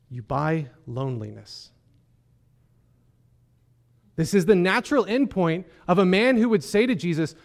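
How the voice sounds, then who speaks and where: A man's voice: high voice, big pitch swings, a little slow, creaky, pauses often. A man preaching a sermon in a conversational way, often checking in with the congregation with rhetorical questions. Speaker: pastor.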